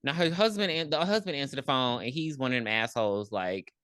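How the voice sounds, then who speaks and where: Low-voiced woman retelling a movie. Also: fairly quick, no room sound, clean studio sound. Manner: animated storyteller, acts out characters' lines, swears freely. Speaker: podcast co-host. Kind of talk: casual movie recap chat.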